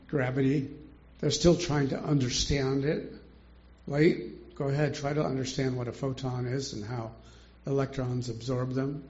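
A man's voice: medium pitch, steady tone, unhurried, long pauses, darkish tone. An older man teaching a Bible study in a chatty way, asking rhetorical questions and chuckling often, on a dull lo-fi recording.

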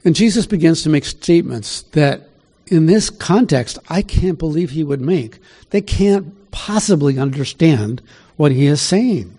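A man's voice: fairly high pitch, animated, unhurried, few pauses, mellow, husky. A man preaching a conversational sermon, reading scripture aloud and asking his listeners questions along the way. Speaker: pastor. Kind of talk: sermon Bible teaching.

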